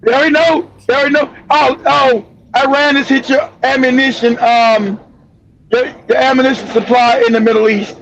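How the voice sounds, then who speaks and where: A man hosting a political commentary show, ranting angrily with profanity and bursts of shouting. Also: extremely high pitch, steady tone, moderate pace, a little hiss or hum. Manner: angry, profane, shouting tirades. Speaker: host. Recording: dull lo-fi audio.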